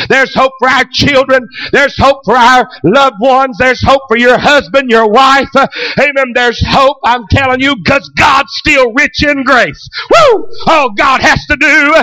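A man's voice: extremely high pitch, bright, forceful tone. A man preaching a fervent sermon, breaking often into amens and hallelujahs. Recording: dull lo-fi recording.

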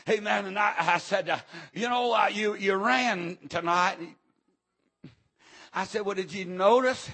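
A middle-aged man preaching a rambling, impassioned revival sermon, often shouting and breaking into amens. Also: sits high, husky.

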